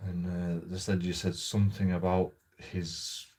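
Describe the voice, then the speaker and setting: Man, deep husky voice, halting sweary vlog rant. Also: flat delivery, a little mellow. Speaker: vlogger. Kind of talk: casual storytelling monologue.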